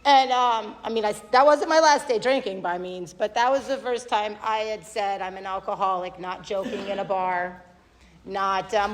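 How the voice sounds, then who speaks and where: A woman's voice: medium pitch, normal speed, a little hiss or hum. Woman telling her recovery story at a podium, lots of ums, echo from a big hall. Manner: candid, self-deprecating storytelling; rambling with many fillers. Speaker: AA speaker. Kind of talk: recovery meeting share. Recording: long hall reverb.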